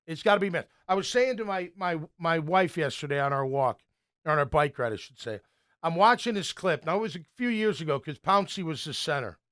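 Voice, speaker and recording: Brief: man, former pro football player turned sports talk host, high-pitched voice, animated storyteller. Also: fairly quick. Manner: animated storyteller, acts out coaches' yelling.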